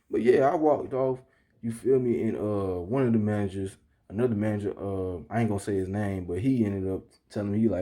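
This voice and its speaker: In a brisk, lowish voice with a dark tone, a young vlogger casually recounts a story to the camera using heavy slang. He repeatedly asks the listener "you feel me" and heats up as he tells it.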